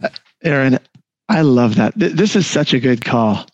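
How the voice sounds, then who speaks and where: A man's voice: medium pitch, lively intonation, moderate pace, darkish tone, no echo, highs cut off. A man hosting a live online group call, enthusiastic and addressing the audience directly as "guys.".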